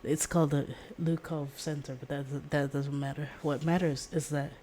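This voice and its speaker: Low-voiced woman streamer rambling casually. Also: flat delivery, moderate pace, dark tone, slight background noise. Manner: rambling and giggly, laughs often; casual swearing. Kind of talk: casual chat.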